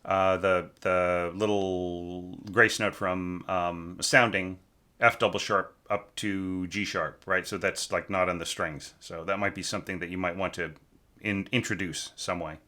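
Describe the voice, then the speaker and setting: A man's voice: deep voice, fairly even intonation, measured pace, pushed and bright. A man teaching orchestration, thinking aloud as he critiques a student's score, checking in with "right?" and singing phrases in nonsense syllables.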